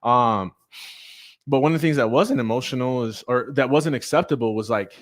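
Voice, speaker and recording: A man's voice: mid-range voice, normal speed. A middle-aged man hosting a motivational talk, speaking with energy and preaching to his viewers. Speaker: host.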